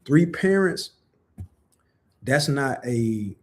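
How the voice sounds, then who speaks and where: A man's voice: medium pitch, lively intonation, extremely slow. A young man giving a casual religious commentary, talking conversationally with many rhetorical questions and "you know" fillers. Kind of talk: casual preaching monologue.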